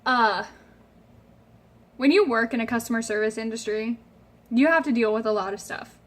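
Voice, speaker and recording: A woman's voice: on the high side, moderate pace. A woman in her twenties talking casually to camera, giving earnest, emphatic advice and repeating her points. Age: 20s. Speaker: vlogger.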